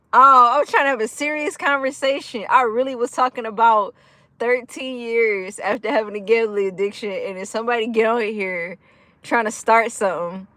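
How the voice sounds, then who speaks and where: A woman hosting a casual livestream, energetic and giggly, laughing often while she chats with viewers and answers their comments. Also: on the high side, moderate pace, dry recording. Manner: chatty, with frequent fillers like "like" and "y'all". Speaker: livestream host of a gambling recovery channel.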